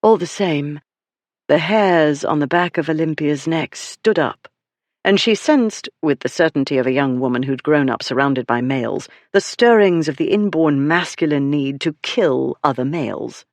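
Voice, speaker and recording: An audiobook narrator reading a historical romance at a steady, measured pace. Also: medium pitch, no echo. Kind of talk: scripted narration.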